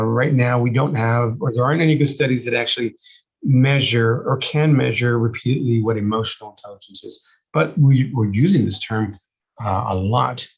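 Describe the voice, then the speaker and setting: A man's voice: medium pitch, muffled recording. A man with a mixed Texan and Spanish accent, lecturing on camera in a casual, rambling way with many fillers while losing his voice. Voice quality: husky. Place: indoors, solo on camera. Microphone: camera mic.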